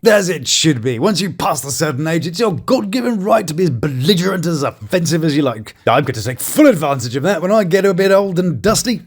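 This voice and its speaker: A man hosts a comic review show, cracking sarcastic jokes over clips. His voice sits a bit high for a man and swoops widely in pitch. His delivery is animated and mocking. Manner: sarcastic, jokey, lively. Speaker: YouTube show host and reviewer.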